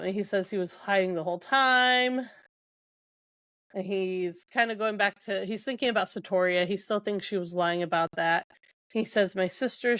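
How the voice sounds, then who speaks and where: A woman's voice: medium pitch, fairly bright tone, no echo. A young adult woman co-hosting a podcast, retelling book scenes casually with quoted dialogue and lots of fillers. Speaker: podcast co-host.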